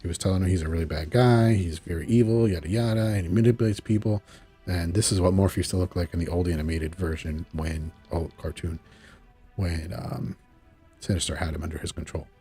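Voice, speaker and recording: In a deep voice and at a brisk clip, a show reviewer rambles casually through a recap of a cartoon episode, faint music behind him. He acts out the characters' lines with animated storytelling and chuckles at asides.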